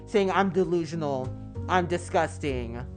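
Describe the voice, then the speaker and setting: A man with a fairly high voice talks to his stream viewers at a measured pace, rambling, swearing, and fumbling his words in casual chat. Background music plays throughout.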